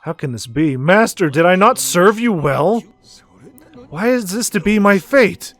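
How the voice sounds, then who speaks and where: Deep, grave demon clown, proud and wounded, put on by a man reading game lines aloud. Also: expressive, a little slow, a bit bright, soft background music. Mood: anguished.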